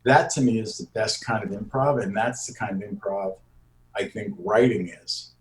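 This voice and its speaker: An older man, a comedy writer and improv teacher, answering interview questions and slipping into quick character voices to make his points. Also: on the low side, echoey room, rough recording.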